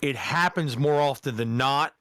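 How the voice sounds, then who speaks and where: A man's voice: medium pitch, moderate pace, a bit bright, no room sound, studio quality. A man co-hosting a casual podcast, laid-back and joking, with swearing and banter. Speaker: podcast co-host.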